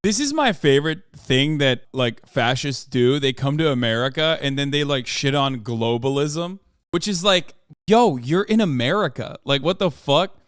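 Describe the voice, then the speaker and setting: A man hosting a casual reaction stream, animated, profane and sarcastic. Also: mid-range voice, normal speed, clean tone, dry recording, studio quality, faint music behind. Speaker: streamer host.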